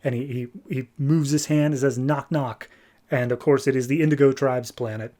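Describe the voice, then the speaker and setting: A man hosting a podcast, casually retelling a comic book story and slipping into quick character voices. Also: medium pitch, steady tone, dark tone. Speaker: podcast host.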